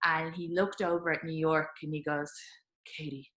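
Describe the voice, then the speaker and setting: A woman podcast host tells candid stories in a chatty, animated way, full of "like" and quick asides. Her voice is bright and a touch low-pitched for a woman. It rings in an echoey room. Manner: chatty, animated, laughing storyteller with lots of fillers. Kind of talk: candid conversational storytelling.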